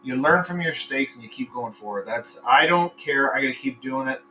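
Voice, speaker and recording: Man, podcast host, bright voice, rambling and crude, far from the computer mic, faint hum. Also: medium pitch, lively intonation, brisk. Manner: rambling, swears freely, tells crude jokes. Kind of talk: casual live podcast chat. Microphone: computer microphone.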